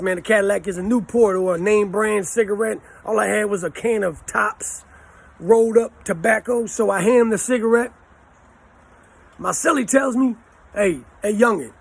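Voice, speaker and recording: Gravelly, husky man in his forties. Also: high-pitched. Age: 40s. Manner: blunt, profane, street slang. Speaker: channel host. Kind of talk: casual storytelling to camera.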